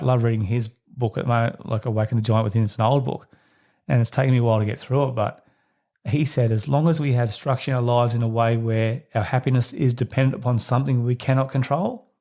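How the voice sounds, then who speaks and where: This podcast host's voice is creaky and warm as he talks alone about parenting, addressing listeners thoughtfully and conversationally. He raises his pitch to act out the voices he quotes.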